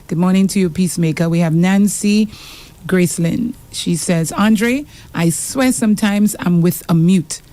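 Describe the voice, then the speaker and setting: A woman's voice: fairly low pitch, normal speed, warm tone. Saint Lucian woman reading listener messages. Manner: reads out messages aloud with frequent laughs. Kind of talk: casual radio chat.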